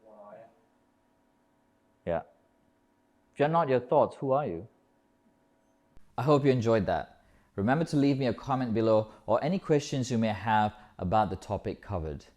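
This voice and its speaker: A man's voice: mid-range voice, expressive, moderate pace, pauses often, darkish tone. A man giving a talk as a yoga teacher, emphatic, building rhythmic lists and swearing casually. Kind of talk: live motivational talk. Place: yoga festival talk, indoors.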